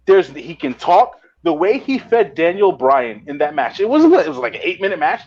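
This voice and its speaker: On a casual podcast, a profane, excitable wrestling promotion owner gets worked up telling stories. He talks at normal speed in a voice on the high side with a breathy edge, heard through dull lo-fi audio.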